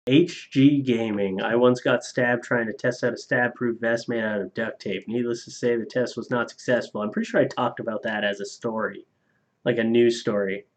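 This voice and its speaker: A man's voice: medium pitch, fairly even intonation, moderate pace. A man on a casual live stream reading viewer donations aloud, loose and profane, laughing at his own jokes. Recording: slightly dull lo-fi stream audio.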